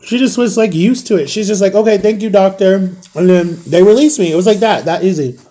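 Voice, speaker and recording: A man in his thirties telling a personal story in a casual vlog, animated and acting out the people in it. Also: sits high, fast. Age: 30s. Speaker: storytime vlogger.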